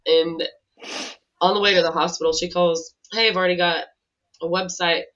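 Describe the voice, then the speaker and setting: Brief: woman with a bright, sharp voice, chatty co-host who laughs easily, dull lo-fi recording. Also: fairly low pitch, fairly even intonation, normal speed. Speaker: podcast co-host. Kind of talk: casual conversational storytelling.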